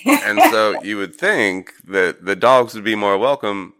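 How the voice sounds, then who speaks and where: Deep-voiced Ohio man, jokey. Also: measured pace, fairly bright tone. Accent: Central Ohio American. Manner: jokey, laughs often. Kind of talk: casual chat.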